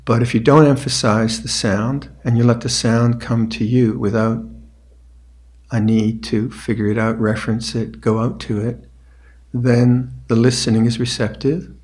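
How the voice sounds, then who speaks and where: Older man giving slow meditation instructions. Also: mid-range voice, little pitch movement, darkish tone. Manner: slow, reflective, with pauses and restarts. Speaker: meditation teacher. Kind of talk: dharma talk with meditation instructions. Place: retreat meditation hall.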